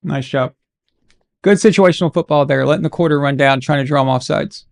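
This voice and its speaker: A man running a live watch-along of a game, with a slightly higher voice than most. He chats loosely with his viewers. He moves between play-by-play reactions and easygoing personal stories. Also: a little fast, creaky. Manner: casual, encouraging, chatty. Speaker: watch-along stream host.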